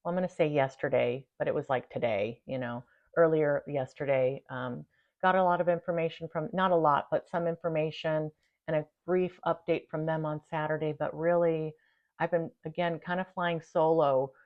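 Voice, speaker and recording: A woman hosting her own channel, chatting casually to viewers, laughing easily and thanking them warmly. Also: sits low, fairly even intonation, normal speed, phone-quality sound. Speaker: channel host. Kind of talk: casual talk to camera.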